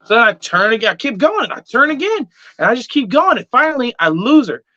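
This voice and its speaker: A man casually telling a story in an animated way, swearing freely and acting out what people said. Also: very high-pitched, fairly quick, no room sound. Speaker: reptile keeper telling a story. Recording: dull, dry, lo-fi sound.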